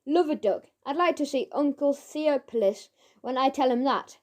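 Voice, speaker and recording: A woman's voice: sits high, normal speed, darkish tone, close to an everyday voice. A woman reading a children's audiobook, voicing an eager, slangy working-class boy who runs his words together.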